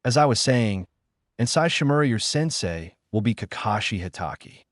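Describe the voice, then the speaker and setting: A man's voice: on the low side, expressive, normal speed, no room sound, clean studio sound, natural voice. A man voicing a stern adult male ninja teacher announcing teams in a storybook reading. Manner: announcing, brusque.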